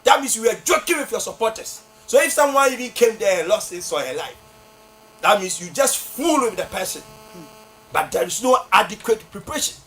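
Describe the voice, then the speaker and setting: A Ghanaian man with a Ghanaian accent delivers fiery political commentary on a talk show in a radio or TV studio, scolding and often shouting for emphasis. His voice is high, animated, and brisk.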